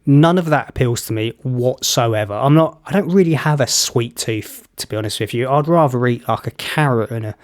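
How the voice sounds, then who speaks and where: A man's voice: mid-range voice, moderate pace, hardly any pauses. A British man hosting a reaction video, chatting casually with blunt opinions and rambling anecdotes. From Britain.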